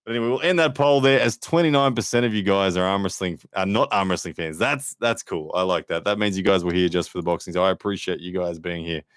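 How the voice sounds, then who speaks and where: A man's voice: low voice, quick pace, few pauses, no room sound, studio quality. Man chatting on a live stream. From Australia. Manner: chatty, reads out viewer comments, frequent fillers. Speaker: livestream host and arm wrestler. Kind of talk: casual live-stream chat.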